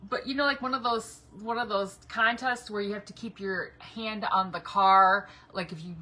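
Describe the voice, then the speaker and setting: Here a middle-aged woman laughs frequently as she rambles through a casual chat on a home livestream, painting a craft project in her yard or garage. She speaks at a moderate pace with a medium, steady pitch and a sharp tone, over noisy audio.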